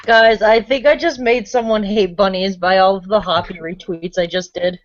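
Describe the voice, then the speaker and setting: A woman's voice: medium pitch, steady tone, normal speed, lo-fi sound. A woman co-hosting a casual podcast chat, playful and light-hearted. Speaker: podcast co-host.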